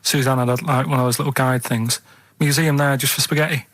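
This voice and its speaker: Deadpan Mancunian man grumbling dryly. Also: medium pitch, brisk, no room sound. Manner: deadpan, rambling, matter-of-fact complaints. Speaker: radio show regular. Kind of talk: casual radio chat. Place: radio studio. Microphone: studio microphone.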